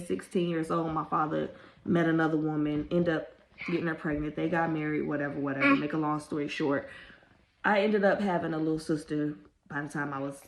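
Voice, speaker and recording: Her voice low-pitched and gravelly, a woman in her thirties tells a family story on her vlog. The casual storytime turns emotional and rambling as she fights back tears and keeps apologizing.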